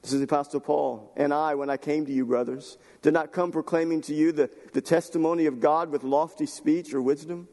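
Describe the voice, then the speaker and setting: A male pastor preaching a sermon in a church, moving from calm Scripture reading to fervent, emotional emphasis. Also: a little high, brisk, few pauses, long reverb tail. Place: church sanctuary.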